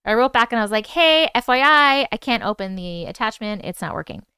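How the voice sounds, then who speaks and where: A woman hosting a livestream, casually telling a story, animated and profane, acting out the voices she quotes. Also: a little high, fairly quick, clean tone, dry recording, studio quality. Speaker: host. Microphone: wireless clip-on mic.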